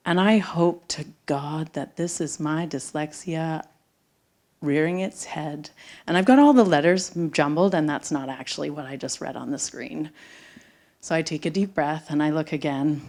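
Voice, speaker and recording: Low-voiced woman, middle-aged, storytelling live on stage, goes loud then whispery, real dramatic. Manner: dramatic, swings from loud bursts to hushed whispers. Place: theater stage before an audience.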